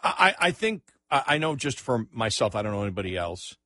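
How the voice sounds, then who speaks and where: A man hosting a talk radio show, chatting casually about politics in an animated, incredulous way with frequent stammered restarts. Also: on the low side, fairly quick.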